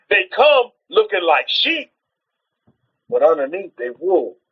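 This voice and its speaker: A man's voice: sits high, slightly rough, dull audio. A man preaching in an informal teaching style on a livestream, exhorting his listeners, repeating rhetorical questions and often restarting his sentences.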